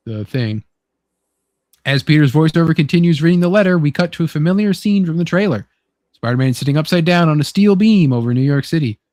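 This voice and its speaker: A man hosts a casual talk show, reading out a film script and rambling between passages with fillers and restarts. His voice sits on the higher side, and the sound is close and dry, with no room around it. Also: a little mellow, no room sound. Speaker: host.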